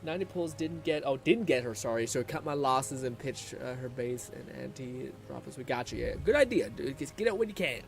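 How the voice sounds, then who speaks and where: A man's voice: medium pitch, expressive, a little fast, vocal fry, few pauses. A man live-streaming a video game, chatting casually, swearing and laughing while he reads viewer comments. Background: game music.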